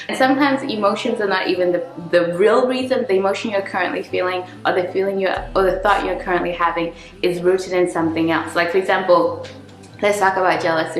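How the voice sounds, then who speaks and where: A woman vlogger talking casually about self-help and spirituality, acting out the inner dialogue she has with herself. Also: fairly low pitch. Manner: reflective, acts out her inner dialogue. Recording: echoey room.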